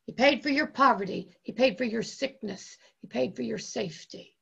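A woman pastor delivers an impassioned sermon and leans on repeated phrases. Her voice sits high and sounds bright, with a gravelly rasp. She speaks slowly, and the recording sounds dull and lo-fi. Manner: impassioned preaching with slow, drawn-out emphasis and repeated phrases.

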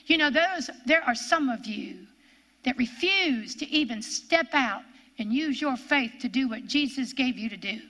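A woman with an Ohio accent preaching a sermon, swinging between loud commands and low hushed tones. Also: lively intonation, measured pace.

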